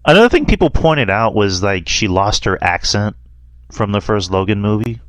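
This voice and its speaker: Deep-voiced man chatting about movies. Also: lively intonation, moderate pace, dry recording. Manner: rambling, laughs often, quotes lines in a mocking voice. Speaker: podcast host. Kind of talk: casual movie review chat.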